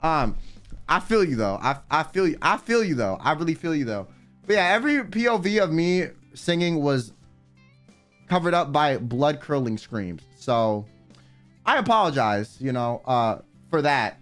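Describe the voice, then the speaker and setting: A young man chatting casually on a livestream, telling a story with lots of swearing and sudden high yelps. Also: very animated, normal speed, a bit bright, soft background music. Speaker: streamer. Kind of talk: casual stream chat.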